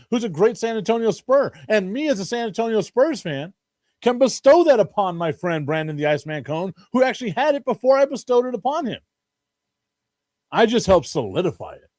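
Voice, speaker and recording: A man's voice: sits high, a little mellow, no room sound, studio quality. A man hosting a casual sports talk stream, joking and rambling and laughing often. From Chicago. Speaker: sports talk show host.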